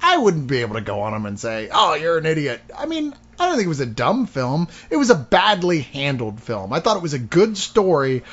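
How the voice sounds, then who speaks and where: A man's voice: on the high side, huge pitch swings, brisk, hardly any pauses, a bit bright, husky. A man co-hosting a casual movie review podcast, sarcastic and swearing as he talks. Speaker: podcast co-host. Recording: dull lo-fi recording.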